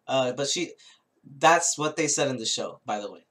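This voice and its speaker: A man giving a casual spoken tarot reading, rambling and halting, with many restarts and little chuckles as he recounts a show. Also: medium pitch, a bit bright. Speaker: tarot reader.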